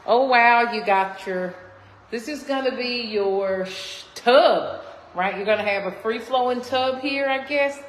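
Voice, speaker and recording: A woman's voice: fairly high pitch, a little slow. A woman realtor giving a chatty walkthrough tour of a new home, exclaiming often and talking to viewers as y'all, filmed on a phone inside an empty house under construction. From Texas. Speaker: realtor touring a model home. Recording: echoey empty rooms with faint noise.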